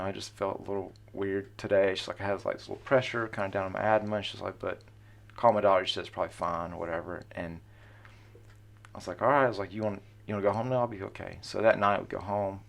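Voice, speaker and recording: A middle-aged man with a low, gravelly voice tells a personal story in a loose, rambling way. He fills his talk with "you know" and "like", and his deep voice has a rough, crackly edge. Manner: casual, rambling, many fillers. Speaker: father telling his story.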